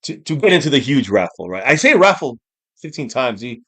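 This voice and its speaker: A man hosting a live football watch-party stream, reacting to plays with excitement and frequent swearing. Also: mid-range voice, brisk. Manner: excitable, swears freely, shouts on big plays.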